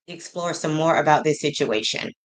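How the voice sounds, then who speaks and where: A woman hosting a casual livestream, greeting her chat by name and reading messages aloud slowly. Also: sits low. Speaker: livestream host.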